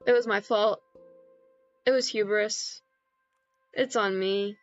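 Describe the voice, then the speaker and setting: A young woman streaming a game, keeping up an excitable, self-mocking running commentary as she plays. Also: medium pitch, takes it slowly, dry recording, dull audio, soft background music. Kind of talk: casual live-stream chatter while gaming.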